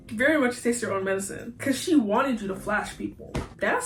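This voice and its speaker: A woman's voice: a little high, moderate pace. A young woman reading online posts aloud and reacting with slang and frequent laughter. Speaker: YouTuber. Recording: roomy echo, faint music.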